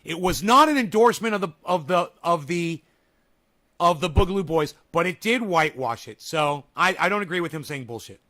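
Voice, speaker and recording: A man with a high-pitched, bright voice gives casual reaction commentary. He talks sarcastically and breaks into yelled rants. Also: lively intonation, fairly quick. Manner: sarcastic, swings into yelling rants. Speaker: streamer reacting to a video.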